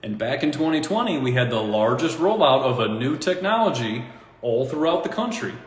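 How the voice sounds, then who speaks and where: A man talking in a casual, rambling monologue, animated and mocking, often breaking into laughter at his own points. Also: mid-range voice, moderate pace. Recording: echoey room with long reverb.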